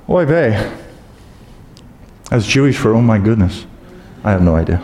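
A man preaching a sermon as pastor, telling stories with humor and acting out loud exclamations. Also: on the low side, animated, normal speed, long pauses, a little hiss or hum. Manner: humorous storytelling, acts out exclamations. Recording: echoey hall with long reverb.

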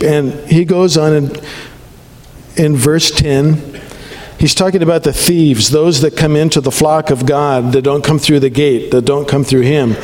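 A man's voice: fairly high pitch, big-room sound. A man preaching a sermon as a pastor, talking in a conversational way and checking in with the congregation often.

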